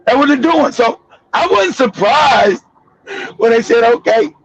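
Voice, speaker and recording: Brief: middle-aged male host, very high husky voice with gravel, blunt and profane, laughs loud. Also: lively intonation, measured pace, lo-fi sound. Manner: blunt, profane, laughs a lot, mimics callers. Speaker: show host. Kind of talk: loud unfiltered commentary.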